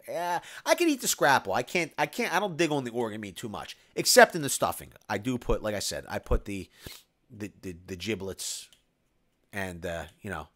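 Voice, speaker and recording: A man hosting a casual live stream, reading viewer comments aloud and rambling about food and tools. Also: on the high side. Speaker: live stream host answering viewer chat.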